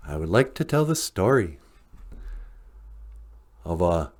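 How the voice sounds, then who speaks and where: A man's voice: mid-range voice, slow pace, long pauses. A man hosting a podcast, telling a story in a casual, rambling way with lots of fillers. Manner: relaxed, rambling with fillers and chuckles. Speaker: podcast host.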